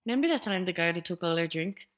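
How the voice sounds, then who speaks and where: A young Irish woman co-hosting a podcast, telling a self-mocking story in a lively, casual way. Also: lowish voice, fast. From Ireland. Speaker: podcast co-host. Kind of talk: casual chat.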